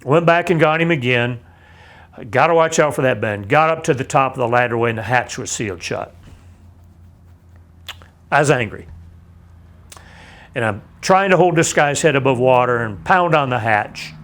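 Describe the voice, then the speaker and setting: An older man, a navy veteran, telling a vivid personal account in a measured, plain-spoken way. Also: mid-range voice, animated, fairly bright tone. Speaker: navy veteran recounting his experience. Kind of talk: personal testimony.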